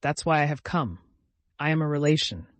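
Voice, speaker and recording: A man reading an audiobook, voicing a middle-aged noblewoman who pleads gently and insistently. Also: a little high, lively intonation, moderate pace, dry recording. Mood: pleading.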